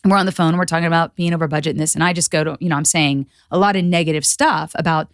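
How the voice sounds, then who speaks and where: Animated woman telling a story. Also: deep voice, racing, dry recording, clean studio sound. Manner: animated storyteller acting out quotes. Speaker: podcast guest. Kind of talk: casual chat.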